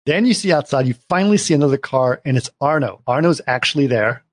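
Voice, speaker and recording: A man's voice: mid-range voice, animated, fast. A man hosting a casual watch-party podcast, retelling a show's plot in a rambling way with many restarts. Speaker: podcast host.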